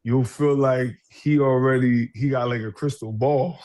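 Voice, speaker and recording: A man, a professional boxer, answering an interview question in a halting way, laughing as he recalls things. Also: mid-range voice, fairly even intonation, a little mellow.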